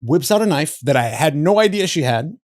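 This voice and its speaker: Animated man telling a wild story. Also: a little fast, dry recording, clean studio sound. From Southern California. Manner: animated, acts out quotes with big pitch jumps; laughs through his stories, says "bro". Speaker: podcast host. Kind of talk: casual storytelling.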